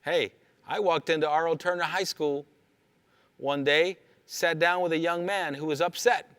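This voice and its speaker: A man's voice: on the high side, fairly even intonation, moderate pace, a bit bright, smooth, no echo. A man giving a motivational talk to teenagers, emphatic and repetitive, telling stories from his work with students.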